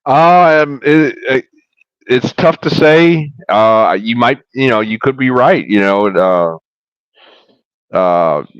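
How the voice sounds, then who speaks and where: A man's voice: medium pitch, takes it slowly, smooth, dry recording, highs cut off. A man speaking as a panel guest, hesitant and full of fillers as he thinks aloud.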